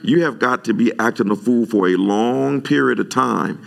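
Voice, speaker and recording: Man, preacher, gravelly, animated sermon delivery. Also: moderate pace. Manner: animated preaching, sudden loud pitch jumps when retelling his own words. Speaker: pastor.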